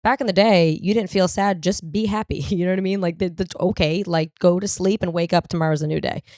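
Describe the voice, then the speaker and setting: Lowish-voiced woman in her 30s doing a sweary rambly comedy monologue, super dry sound. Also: a little fast, no room sound. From US East Coast. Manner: profane, rambling and animated, acts out quoted voices. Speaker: podcast host.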